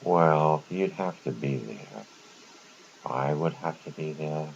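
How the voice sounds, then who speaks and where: A man's voice: rumbling low, expressive, slow, vocal fry. A man telling a rambling, stammering monologue, repeating himself as he goes. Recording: muffled lo-fi with faint room noise.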